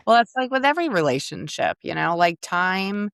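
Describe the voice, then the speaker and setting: Woman cohost on a podcast, swoopy lively pitch, dry close mic, giggly and loose. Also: gravelly, no room sound. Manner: laughs often, many "like" fillers. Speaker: podcast co-host. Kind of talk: casual chat.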